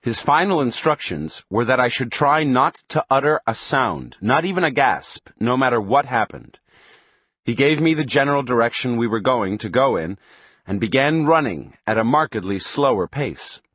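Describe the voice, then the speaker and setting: A man reading an audiobook in scripted narration, measured and even. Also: medium pitch, breathy edge, dry recording, studio quality.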